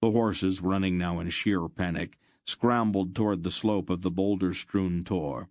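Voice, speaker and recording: A man narrating an audiobook in a steady, measured way. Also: low voice, dry recording.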